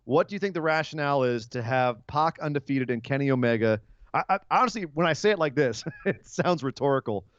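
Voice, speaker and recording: A man's voice: fairly high pitch, smooth, no room sound, highs cut off. A man hosting a wrestling podcast, chatting casually and teasing his co-host. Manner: joking, ribbing his co-host.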